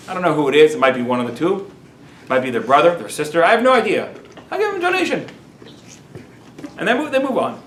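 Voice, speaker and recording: A man, a rabbi, teaching a lively class and telling stories, dropping in Yiddish and Hebrew words. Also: high-pitched. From United States. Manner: animated storyteller, sprinkles Yiddish and Hebrew words, self-amused. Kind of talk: lively Torah class lecture. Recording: roomy echo.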